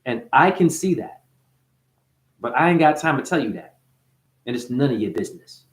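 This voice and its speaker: A man hosting a casual livestream monologue to his chat, preachy and animated, swinging between loud outbursts and quiet muttering. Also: medium pitch, normal speed, roomy sound.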